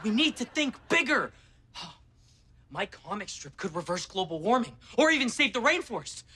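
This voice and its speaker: A man's voice: sits high, sing-song, moderate pace, background noise. An actor playing a goofy, theatrical sitcom father who draws comic strips. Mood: grandiose. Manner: theatrical, over-the-top earnest. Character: goofy dramatic sitcom dad, middle-aged man. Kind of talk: sitcom acting.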